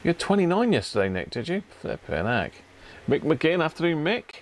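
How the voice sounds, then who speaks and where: A man's voice: a little high, sing-song, fast talker. Chatty man hosting a live stream. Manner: chatty, greets viewers by name, drops in throat clears. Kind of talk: casual live-stream chat greeting viewers. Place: home workshop.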